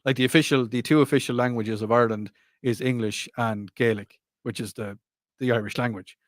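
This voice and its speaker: A man hosts a radio talk show in a casual, meandering way, circling back and fixing his words as he goes. His voice sits at an ordinary middle pitch. The studio sound is dry and close. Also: fairly even intonation, a little fast, no echo. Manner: rambling, self-correcting, laughs often. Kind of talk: casual chat.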